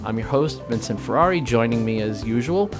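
A man's voice: medium pitch, expressive, a little fast, over music. Emotional male podcast host. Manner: emotional, choking up and laughing through tears. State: voice breaking with emotion. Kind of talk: casual podcast chat.

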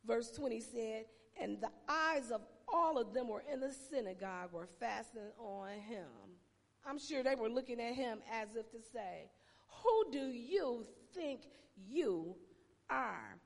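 A woman pastor preaching a sermon with emphatic pauses and shouted exclamations, her voice sounding tired. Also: fairly high pitch, creaky, big-room sound.

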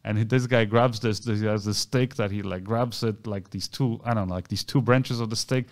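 A man's voice: lowish voice, fairly quick, no room sound, studio quality. A man co-hosting a podcast, telling a story in a casual chat and acting out the people in it. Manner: animated storyteller acting out quoted voices. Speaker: podcast co-host.

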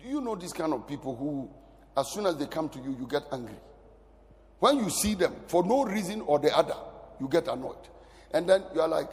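A pastor delivers a sermon in a somewhat raised voice that booms out and then sinks almost to a whisper. His words ring on with the long reverb of a large church hall. The man keeps his congregation close with constant shifts in force. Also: fairly quick. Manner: animated preaching, sudden loud rises and drops to near whisper.

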